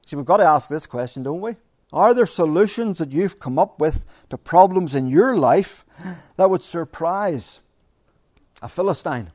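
A middle-aged male pastor preaching in church. His voice sits fairly high for a man and sounds close and dry. He is earnest and presses his points with repeated phrases and rhetorical questions. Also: animated, unhurried, a little mellow, no echo. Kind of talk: sermon.

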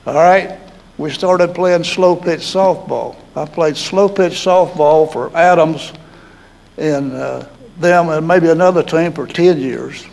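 An older man with a Southern American drawl, his voice sitting high for a man. He spins old stories in a folksy, chuckling way, like an honoree sharing memories. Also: slow, gravelly, darkish tone, low-quality recording. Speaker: hall of fame inductee. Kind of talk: storytelling interview.

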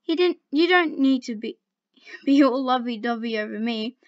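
A woman's voice: a little high, lively intonation, moderate pace, no echo, close to an everyday voice. A woman voicing a laid-back cartoon cat boy who talks casually, in a dull lo-fi home recording.

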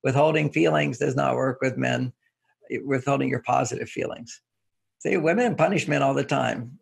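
A man's voice: medium pitch, moderate pace, creaky, slightly rough. A man talking as a guest in an interview, explaining his ideas through homely anecdotes and chuckling as he goes. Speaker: relationship author and guest. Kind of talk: relaxed interview talk.

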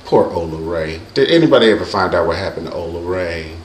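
A man hosting his own show, chatting comically about celebrities in an animated, campy way and mimicking people. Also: low-pitched, brisk, a little hiss or hum. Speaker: show host. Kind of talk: comic celebrity chat monologue. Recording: echoey room.

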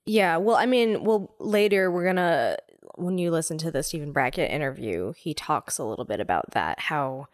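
A woman's voice: deep voice, no echo, studio quality. Chatty woman co-hosting a podcast. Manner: animated, talks fast with many fillers and restarts. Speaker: podcast co-host. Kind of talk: casual chat.

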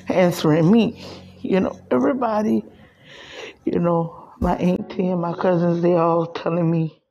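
A middle-aged woman, crying as she talks haltingly in a personal vlog. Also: lowish voice, vocal fry, mellow, muffled recording, slight background noise. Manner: tearful, halting, repeats herself. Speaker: vlogger.

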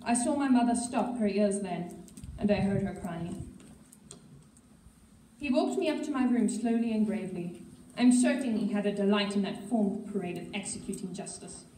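A woman reading a novel aloud at a school assembly, steady with an occasional slip. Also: mid-range voice, moderate pace, a little hiss or hum. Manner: steady storytelling with occasional slips. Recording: echoey hall, mic far off.

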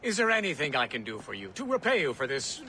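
A man's voice: on the high side, huge pitch swings, quick pace, bright, forceful tone, a little hiss or hum, full character voice. A courteous old statesman. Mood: grateful. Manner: formal, polite old-fashioned speech. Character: courteous older male statesman, grateful. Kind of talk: video game dialogue.

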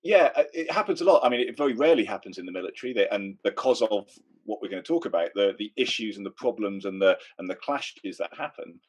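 A man's voice: fairly low pitch, expressive, fast talker, husky. Easygoing middle-aged British man. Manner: conversational, illustrates with examples. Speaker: podcast co-host. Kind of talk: casual chat.

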